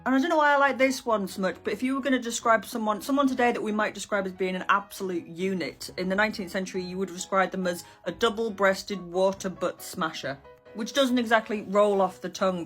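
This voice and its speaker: A woman talks casually to camera, explaining old slang with dry, sardonic humour. Her voice sits in an ordinary middle pitch. Faint music plays quietly behind her. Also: fairly quick. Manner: wry, sardonic asides. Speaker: historian presenting slang. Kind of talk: casual educational chat to camera.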